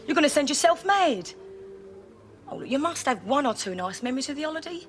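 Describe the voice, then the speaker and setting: A woman's voice: high-pitched, big pitch swings, fairly quick, a little hiss or hum. An actress playing a caring, down-to-earth friend in a 1980s TV soap, with a coaxing, motherly manner. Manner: coaxing, motherly, says mate. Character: caring, down-to-earth London friend giving advice.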